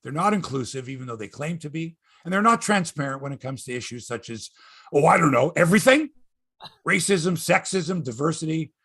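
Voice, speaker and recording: Husky, ranting male sports host. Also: fairly high pitch, lively intonation, brisk, a bit bright, dry recording, clean studio sound. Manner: profane, ranting, repeats himself. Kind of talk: casual sports chat.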